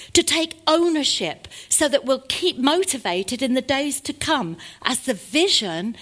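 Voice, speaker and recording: A woman preaching a sermon to a congregation, swinging between loud exhortation and hushed asides. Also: high voice.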